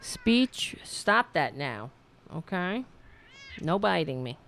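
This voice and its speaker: A woman hosting a political livestream talks slowly in a low, gravelly voice. Her pitch swings widely as she mocks what she reads, blunt and profane. She stops often to hunt for the right word. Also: sing-song, a bit bright. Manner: halting, searches for words. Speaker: livestream host. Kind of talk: casual political commentary livestream.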